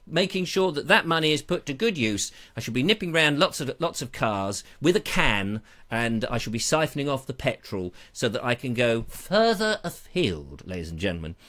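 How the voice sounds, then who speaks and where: A man's voice: medium pitch, a bit bright. A man hosting a live online show in a small studio, rambling and joking on a lapel mic. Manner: jokey, playful, digressive. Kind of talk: rambling live-stream chat.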